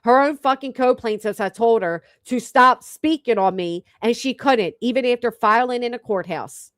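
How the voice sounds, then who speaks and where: A woman's voice: a little high, normal speed, fairly bright tone, dry recording, studio quality. A woman hosting a reaction stream, talking bluntly and profanely to her chat. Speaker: livestream commentary host.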